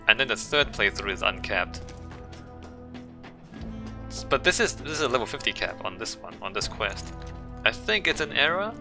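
A man giving calm, musing commentary while playing a video game. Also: on the low side, normal speed, long pauses. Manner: calm, musing, talks to himself. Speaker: gameplay streamer. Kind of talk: casual gameplay commentary. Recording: voice over game music.

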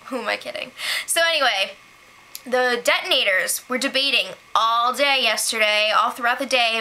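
Woman, high voice, casual recap host, sarcastic, giggly, chatty. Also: lively intonation, pushed and bright. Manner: sarcastic, giggly, quick asides. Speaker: host recapping a reality show.

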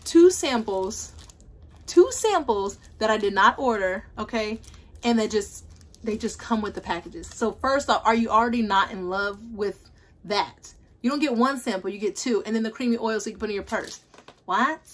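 A woman chatting casually to viewers in a beauty haul vlog, animated and talkative. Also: on the high side. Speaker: beauty vlogger. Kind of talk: casual haul video chat. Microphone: ring light setup, camera at desk.

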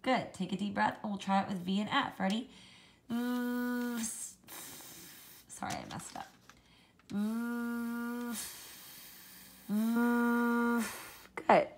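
A woman teaching a children's phonics lesson, slowly modelling letter sounds and encouraging the kids to copy her. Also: mid-range voice, wildly swooping pitch, creaky, slight background noise.

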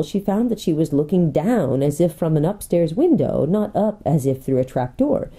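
A woman pastor reads a children's storybook aloud with a dark, mellow tone. Her pitch sits low but swings widely as she tells the story. The delivery is expressive and unhurried. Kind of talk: reading a children's book aloud.

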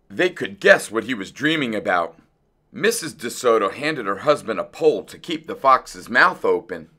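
A man reading a children's picture book aloud in an expressive, unhurried storytelling voice. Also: mid-range voice.

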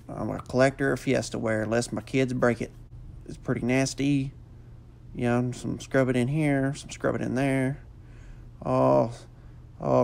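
Gravelly man joking through a voiceover. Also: mid-range voice, darkish tone, a little hiss or hum. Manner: rambling, goofy, full of fillers. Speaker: comic voiceover narrator.

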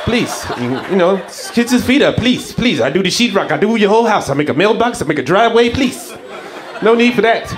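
A man voicing a frantic neighbor who yells for the police and then begs, in a raised, high voice. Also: animated, fairly quick, a little hiss or hum. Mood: pleading. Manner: high yelling, then pleading and begging.

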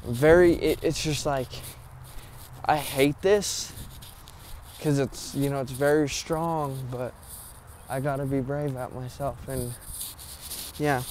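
A man's voice: mid-range voice, fairly even intonation, slow, long pauses, darkish tone, slight background noise. A young man vlogging alone from a cemetery at night, nervous and rambling, swearing often and short of breath. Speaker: paranormal vlogger. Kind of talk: casual vlog talk to camera.

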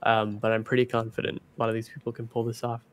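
A man's voice: medium pitch, completely flat delivery, fast talker. A man in his twenties, a guest on a casual livestream chat, speaking hesitantly with many fillers. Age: 20s.

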